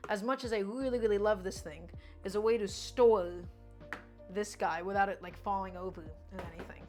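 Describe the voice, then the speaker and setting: A woman's voice: medium pitch, moderate pace, darkish tone, soft background music. A woman streaming from her home kitchen, chatting and coaching viewers through each cooking step. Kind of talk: live-stream cooking chat.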